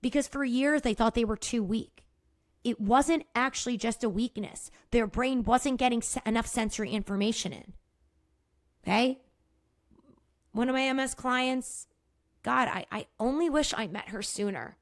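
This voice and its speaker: On her podcast, a middle-aged woman talks energetically and casually about movement therapy, cursing without restraint and chuckling at her own mistakes. She speaks at a moderate pace in a slightly high voice that sounds close, and the recording is dry.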